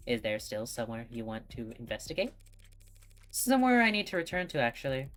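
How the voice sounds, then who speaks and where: Lady doing a polite android girl, earnest, kinda formal, low voice. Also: sing-song, fairly quick. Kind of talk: game dialogue read aloud.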